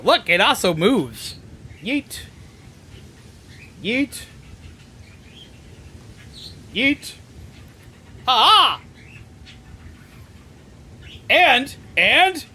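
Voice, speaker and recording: High, bright-voiced male streamer. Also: a little hiss or hum. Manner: animated, profane, bursts into shouted rants. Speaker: streamer playing a video game. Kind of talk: casual live-stream commentary.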